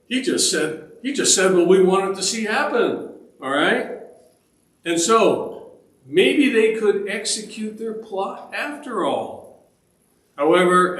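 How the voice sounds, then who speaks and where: A man's voice: on the high side, a bit bright, roomy sound, low-quality recording. A man teaching a church Bible study in a conversational way, often checking in with the group by asking "all right?". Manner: conversational, with restarts and fillers. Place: church meeting room.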